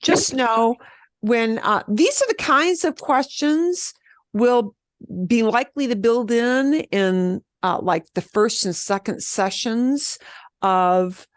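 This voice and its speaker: A middle-aged woman teaching a beginner Spanish class, upbeat and encouraging, modeling phrases slowly so students can repeat them. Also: on the high side, expressive, no echo. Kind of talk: online beginner language class.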